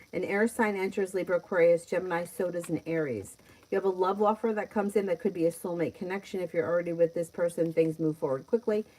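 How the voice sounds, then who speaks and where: A woman's voice: lowish voice, darkish tone, poor audio. A middle-aged woman with a New York accent, chatting through a live-stream tarot reading and laughing often as she reads out viewers' questions. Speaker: tarot reader.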